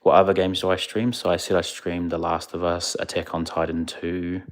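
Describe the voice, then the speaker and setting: A laid-back male streamer, chatting casually with viewers. His voice sits very low, and he rambles a bit, sounding a little sleepy. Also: little pitch movement, moderate pace. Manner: laid-back, rambling, answers chat questions. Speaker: livestreamer. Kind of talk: casual live-stream chat.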